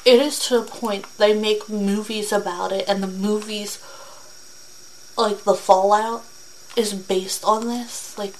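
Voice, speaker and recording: A young woman talking earnestly in a casual vlog, reading facts aloud in a halting way with fillers and restarts. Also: medium pitch, a little hiss or hum, poor audio.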